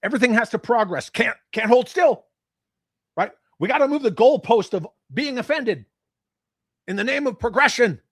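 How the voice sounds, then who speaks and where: A man's voice: very high voice, lively intonation, normal speed, a bit bright, dry recording, clean studio sound. A man hosting a livestream, ranting with profanity and sarcasm about his hobby. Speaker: livestream host.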